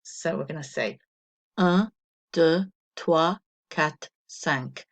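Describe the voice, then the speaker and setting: A woman with a voice that sits low teaches a recorded French lesson to primary school children. Patient and encouraging, she counts slowly so the pupils can repeat after her.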